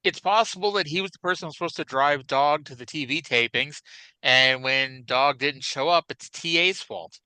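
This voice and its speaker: A man co-hosting a podcast, chatting casually about classic wrestling in an animated, rambling way with many restarts. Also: fairly high pitch, normal speed, clean tone, no echo, poor audio. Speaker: podcast co-host.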